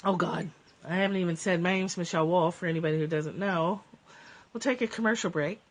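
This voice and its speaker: A female live-stream host reads spiritual passages and chats from home, picked up by a phone or webcam. Her cats keep interrupting and she laughs often, speaking briskly in a lowish voice.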